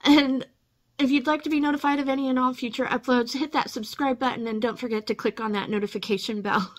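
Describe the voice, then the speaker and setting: A woman's voice: sits high, fairly even intonation, quick pace. A woman hosting a casual unboxing vlog, gushing and emotional, teary and laughing often as she talks. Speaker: channel host.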